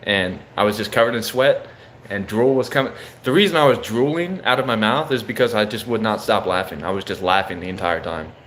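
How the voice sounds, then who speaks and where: A man's voice: fairly low pitch, animated, fairly quick, fairly bright tone, a little hiss or hum. A young man casually telling a story, loose and profane, saying bro often.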